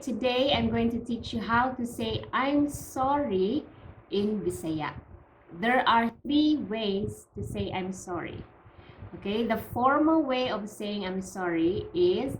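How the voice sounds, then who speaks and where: A woman with a Cebuano accent from the Philippines teaching a language lesson, pronouncing words slowly and carefully for learners to repeat. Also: a little high, roomy sound, a little hiss or hum, low-quality recording. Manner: slow, careful pronunciation drills.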